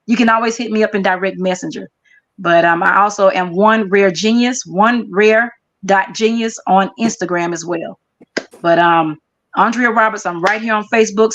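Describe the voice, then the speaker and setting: A woman speaking as a guest in a casual online chat, lively and slangy. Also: medium pitch, lo-fi sound.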